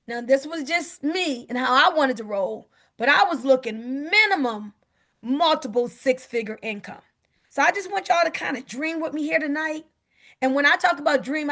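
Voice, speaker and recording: Upbeat woman pitching on a video call, high voice with vocal fry. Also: a bit bright. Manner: upbeat, repeats "guess what". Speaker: presenter on a sales call. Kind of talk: enthusiastic sales pitch.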